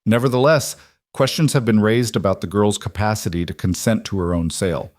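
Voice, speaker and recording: Guy doing a smug pompous judge, kinda oily, lowish voice, dry recording. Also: brisk, darkish tone, dry recording, natural voice. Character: pompous scheming male judge, middle-aged and portly. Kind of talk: storybook character reading.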